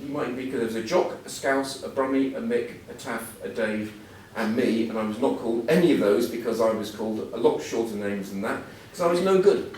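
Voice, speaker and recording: A man's voice: medium pitch, brisk, hardly any pauses, a little mellow, slight background noise. Man in his sixties telling stories in an echoey hall. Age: 60s. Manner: self-deprecating, humorous storytelling. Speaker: guest speaker. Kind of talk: anecdotal after-dinner talk. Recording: echoey hall, mic at a distance.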